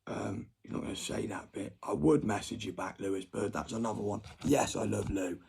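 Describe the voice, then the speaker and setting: A man's voice: lowish voice, brisk, creaky, heavy background noise. A young adult man, ranting at viewers in a rambling, sweary monologue. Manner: agitated, sweary rant.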